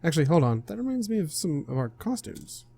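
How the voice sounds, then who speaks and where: A man's voice: fairly high pitch, big pitch swings, brisk, vocal fry, warm tone, breathy edge. A young man casually reading a visual novel aloud, stumbling and correcting himself as he goes. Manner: casual, stumbles over words, laughs and self-corrects. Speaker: game streamer reading aloud.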